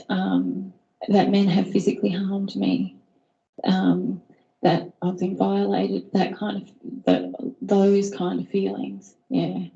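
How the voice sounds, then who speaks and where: Slow hesitant woman with a gravelly voice. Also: medium pitch, warm tone, lo-fi sound. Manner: hesitant, many pauses and ums. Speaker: workshop participant. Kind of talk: personal sharing in a group.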